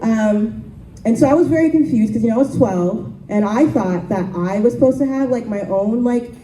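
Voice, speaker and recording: Dark-toned young woman doing stand-up. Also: fairly high pitch, moderate pace, a little hiss or hum. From Haitian family. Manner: casual, deadpan, lots of ums and likes. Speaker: stand-up comedian. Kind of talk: stand-up comedy set. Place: comedy club stage. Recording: echoey club from far off.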